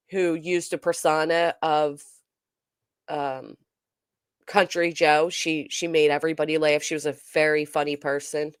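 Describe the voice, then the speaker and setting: A woman with a low, clean voice hosts a casual commentary livestream, recorded dry with studio quality. She chats away, reading viewer comments aloud and replying to them, hesitating often with plenty of ums and uhs.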